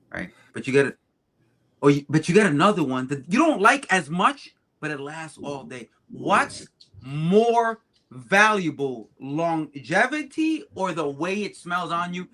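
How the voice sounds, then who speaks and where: Bright, high-voiced man, emphatic podcast chat. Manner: emphatic, jokey, swings from loud to hushed. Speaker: podcast co-host. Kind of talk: casual chat.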